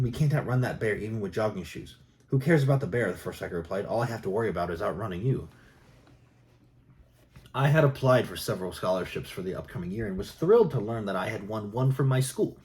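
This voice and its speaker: A man reading jokes aloud in a soft, unhurried ASMR style. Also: on the low side. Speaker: joke reader.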